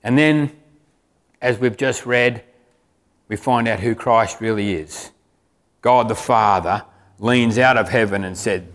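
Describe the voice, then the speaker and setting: A man's voice: on the low side, slow pace, long pauses, fairly bright tone. A man preaching a sermon in a conversational way, asking the congregation questions. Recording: reverberant hall.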